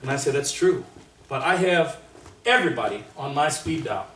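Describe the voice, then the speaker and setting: A man from Canada leading a trumpet master class in a casual, joking way, with boastful asides and sudden loud exclamations. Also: medium pitch, expressive, normal speed. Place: large room with an audience. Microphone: distant microphone. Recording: roomy, distant sound.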